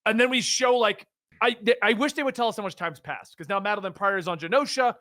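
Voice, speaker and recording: Fast-talking bright-voiced young man. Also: high voice, no room sound, clean studio sound. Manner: fast, animated, laughs often. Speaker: podcast co-host. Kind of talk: casual chat.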